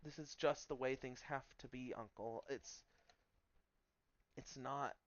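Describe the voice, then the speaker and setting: A man voicing a young woman in her twenties who speaks softly and reassuringly. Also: mid-range voice, steady tone, slow pace, no echo, highs cut off, close to an everyday voice. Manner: soft, reassuring. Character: young woman, niece, soothing and apologetic.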